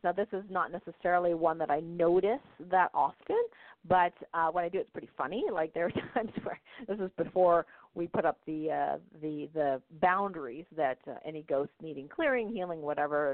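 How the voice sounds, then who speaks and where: A woman's voice: low-pitched, no room sound. A woman hosting a talk show, telling stories in a chatty way, laughing often and checking in with "right?". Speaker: podcast host, intuition teacher. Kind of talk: casual storytelling talk. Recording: phone-like narrow band, dry.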